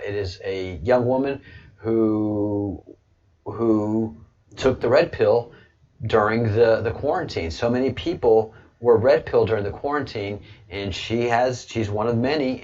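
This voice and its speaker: A man's voice: fairly low pitch, measured pace, darkish tone. A man hosting a casual live chat stream, rambling with chuckles and many hesitant fillers. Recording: dull lo-fi stream audio.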